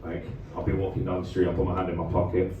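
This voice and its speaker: A man's voice: low voice, monotone, lo-fi sound. A man doing a stand-up comedy set on a club stage, chatting with the crowd between jokes. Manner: chatty crowd work, quick asides to the audience. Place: comedy club stage before a live audience. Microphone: handheld stage microphone. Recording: far-off echoey club recording with noise.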